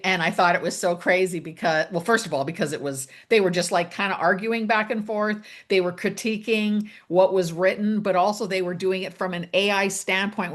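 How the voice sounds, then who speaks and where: A woman in her fifties, an author, talking in a rambling, casual way with many fillers and little laughs. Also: lowish voice. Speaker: author and guest. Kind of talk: casual conversation.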